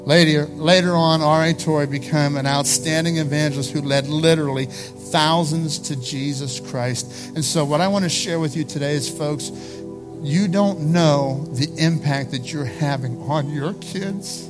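A man's voice: fairly high pitch, normal speed, music in the background. A male pastor preaching a sermon, impassioned, rising to pleading peaks.

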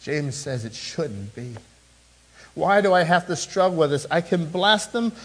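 Middle-aged man, pastor, lively preaching voice with a slightly high pitch, chatty with the room, dips quiet for weight. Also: moderate pace, rough recording. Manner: animated preaching with sudden drops to a hushed tone; conversational, with asides to the congregation. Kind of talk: sermon.

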